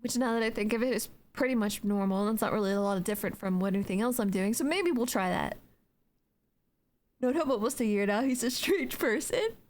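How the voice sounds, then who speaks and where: Expressive and a little fast, with a somewhat high, slightly mellow voice, a young adult woman streams on Twitch from her home. She reads chat out loud and jokes around in a rambling, filler-filled style, yawning in between.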